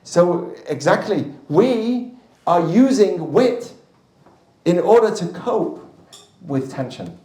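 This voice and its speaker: A male rabbi teaching a class with a live audience, chatty and storytelling, with quick asides to the listeners. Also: sits high, big pitch swings, mellow. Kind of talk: lively classroom teaching with anecdotes. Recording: roomy distant mic in a hall.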